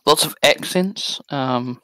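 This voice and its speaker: A man with a British accent joining a casual gaming chat as a guest, joking in a dry, deadpan way. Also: a little high, slow, poor audio. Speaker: guest co-player. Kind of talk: casual chat while playing a game.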